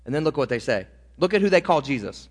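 A male preacher delivering a sermon, slowing down to stretch and stress key words. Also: on the high side, very animated. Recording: reverberant hall.

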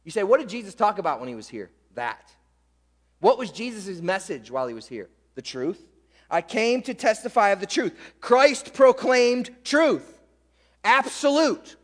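A man's voice: high-pitched, big pitch swings, moderate pace. A man preaching a sermon as pastor, fired up and emphatic, hammering repeated phrases. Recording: long hall reverb.

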